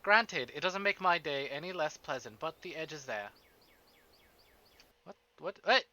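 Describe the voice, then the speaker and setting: A man streaming a visual novel, chatting casually with his chat, excitable and swearing often. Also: on the high side, a little slow, dull audio. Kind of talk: casual live-stream chat and game reading.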